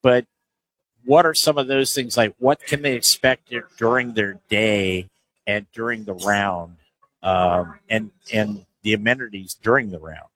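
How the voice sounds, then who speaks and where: A man's voice: lowish voice, measured pace, fairly bright tone, rough recording. A man hosting a casual interview at a golf show booth, asking easygoing, rambling questions.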